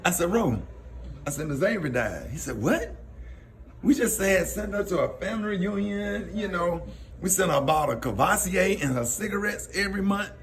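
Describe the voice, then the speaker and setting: Telling casual personal stories on his radio show, this man laughs a lot and voices the people he quotes. He sounds high, brisk and fairly bright with lively intonation, and there's a little hiss or hum.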